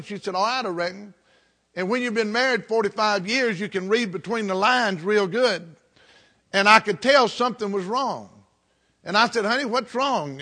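A man's voice: sits high, pushed and bright. A man, preaching a folksy storytelling sermon as a Baptist pastor. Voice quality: folksy, exclaiming, plainspoken.

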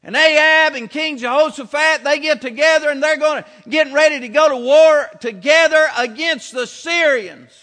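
A man preaching a sermon, emphatic and building to shouts on his key points. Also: very high-pitched, moderate pace, hardly any pauses. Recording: reverberant hall.

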